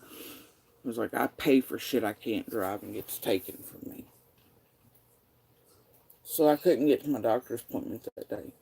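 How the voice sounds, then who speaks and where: Male vlogger, dark mellow voice, angry profane rant over old messages. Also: medium pitch, unhurried, vocal fry, pauses often, breathy edge, low-quality recording. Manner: bitter and profane, reading out messages.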